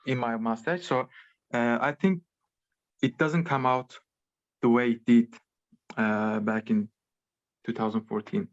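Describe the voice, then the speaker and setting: A man in his twenties from Turkey with a Turkish accent, a podcast guest talking casually in a halting way full of fillers. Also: mid-range voice, fairly even intonation. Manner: hesitant, halting with many fillers. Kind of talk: casual chat. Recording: muffled lo-fi call audio.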